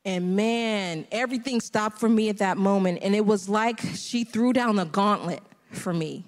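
A woman's voice: medium pitch, moderate pace, in a large hall. A middle-aged woman sharing a personal testimony on a church panel, laughing often as she tells it. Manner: laughs often while telling her story. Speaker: panel guest.

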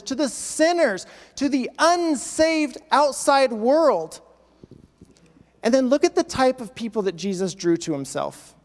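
A man's voice: extremely high pitch, big-room sound. A male pastor preaching a sermon, acting out quoted voices with emphatic repetition.

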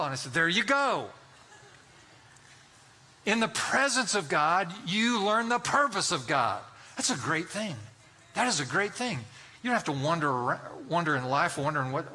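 Preacher in his sixties, high voice, very bright tone, folksy and emphatic, sermon delivery. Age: 60s. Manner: folksy storytelling, emphatic exhortation. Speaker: pastor.

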